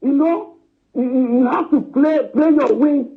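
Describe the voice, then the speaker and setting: A caller from southeastern Nigeria, his voice very high-pitched and his pace measured, rings in to a live stream to give his opinion. He presses his point insistently, leaning on "you know" and "understand?" and calling the host "my brother." The phone line sounds tinny.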